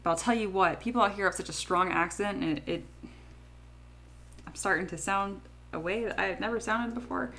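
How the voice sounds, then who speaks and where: A woman's voice: mid-range voice, a little fast, bright, forceful tone. A young woman from California chatting casually while she works on a livestream, rambling and laughing often. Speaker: 3D sculptor streaming her work.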